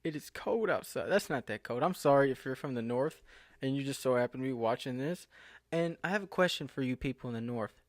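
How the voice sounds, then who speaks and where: A man's voice: medium pitch, animated, a little fast, dry recording, clean studio sound. A young man from the southern United States vlogging casually, rambling and interrupting himself, getting incredulous. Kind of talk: casual rambling commentary to camera. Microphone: computer screen recording.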